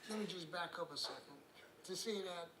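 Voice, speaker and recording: A man's voice: high voice, fairly quick. A New man, a musician guest, telling rambling anecdotes in a casual interview, chuckling and acting out the voices of people in his stories. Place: room on a cruise ship. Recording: roomy with background noise.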